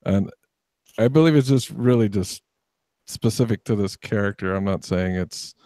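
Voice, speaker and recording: A man with a very deep, mellow voice makes careful points on a book club call, hedging each claim. His audio is dry and close. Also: no echo. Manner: measured, qualifying his claims. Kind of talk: casual group discussion.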